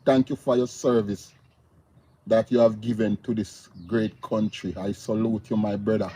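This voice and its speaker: A man's voice: lowish voice, steady tone, normal speed, dark tone, slight background noise. A man with a Jamaican accent hosting a casual livestream, greeting viewers by name and laughing easily. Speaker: livestream host. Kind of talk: casual live chat reading viewer comments.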